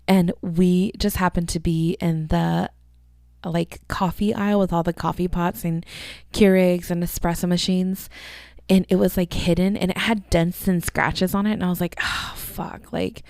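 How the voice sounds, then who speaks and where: A woman's voice: on the low side, level tone, moderate pace, gravelly, a little mellow, no echo, clean studio sound. A woman in her thirties hosting a casual solo podcast, rambling and chatty, swearing freely. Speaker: podcast host.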